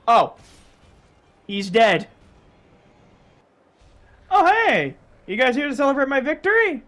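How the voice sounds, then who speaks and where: A woman's voice: on the high side, sing-song, a little slow, long pauses, fairly bright tone. A woman narrating her own gameplay footage in casual commentary, exasperated, self-mocking and swearing freely. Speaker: gaming YouTuber.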